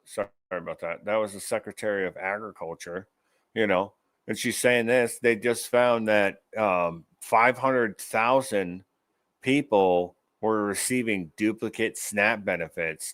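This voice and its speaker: A man's voice: on the low side, no room sound. A man hosting an online commentary show, ranting angrily about news clips with profanity and sarcasm. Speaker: show host.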